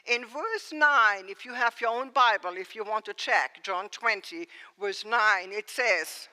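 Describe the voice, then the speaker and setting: A woman's voice: mid-range voice, unhurried, hardly any pauses, pushed and bright. A woman pastor giving a sermon, preaching expressively and asking rhetorical questions. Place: church sanctuary. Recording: long church reverb.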